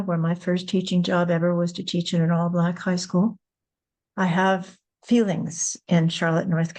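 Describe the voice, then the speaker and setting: An older woman hosting a podcast, telling a personal story candidly and acting out the dialogue with a rising, animated voice. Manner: animated, rising pitch when retelling dialogue. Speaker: podcast host.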